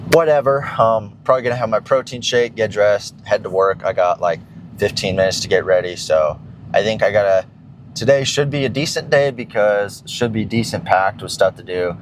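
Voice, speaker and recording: A young man with a low-pitched voice rambles casually to his vlog audience. He strings thoughts together with plenty of fillers and drops swear words offhandedly, while a faint background hum sits under the recording. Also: moderate pace, low-quality recording. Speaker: fitness vlogger.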